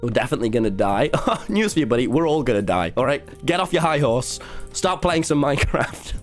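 Chaotic cheeky young streamer. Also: male voice, mid-range voice, very animated, fairly quick, faint music behind. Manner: chaotic, cheeky, swears often, laughs a lot. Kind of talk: casual gaming livestream commentary.

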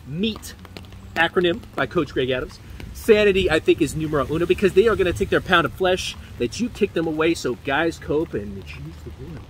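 A man's voice: fairly high pitch, a bit bright, a little hiss or hum. A man rambling animatedly in a preachy commentary vlog, talking to a handheld phone while walking outdoors on a street. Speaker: vlogger and men's dating commentator.

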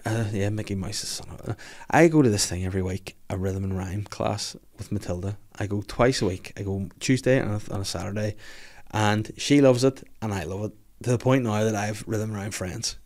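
A man in his thirties chats on a podcast at a rapid clip, his voice sitting low. He swears freely, jokes around and rambles, tripping over restarts as he goes. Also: a little mellow. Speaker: podcast host. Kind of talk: casual podcast chat.

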